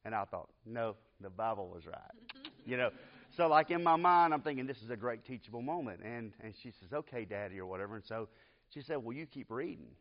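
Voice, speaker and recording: A man at a middle pitch tells an emotional story to a church Bible class, talking earnestly and plainly. The recording is dull and lo-fi, from a church classroom. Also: expressive, fairly quick.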